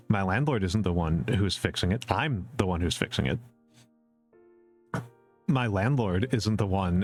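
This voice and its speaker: A man streaming a casual question-and-answer chat, opinionated and repeating his points for emphasis, with many fillers. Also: sits low. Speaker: VTuber streamer.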